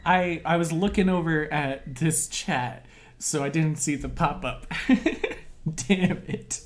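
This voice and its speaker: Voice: mid-range voice, slow, faint music behind. A livestreamer chatting casually with viewers in a giggly, playful way. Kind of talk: casual live-stream chat.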